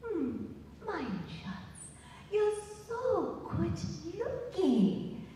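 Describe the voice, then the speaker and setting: A woman's voice: very high voice, huge pitch swings, drawn-out words, warm tone, slight background noise, voice pushed up, heavily acted. A woman voicing her blunt but loving German mother, frank and sing-song. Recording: echoey hall, distant mic.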